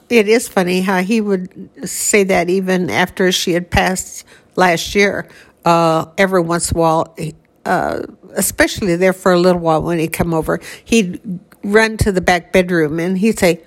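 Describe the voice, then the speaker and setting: A woman's voice: lowish voice, steady tone, moderate pace. An older woman casually reminiscing about her late mother, laughing now and then as she talks. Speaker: grieving daughter recalling her mother. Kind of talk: casual conversation.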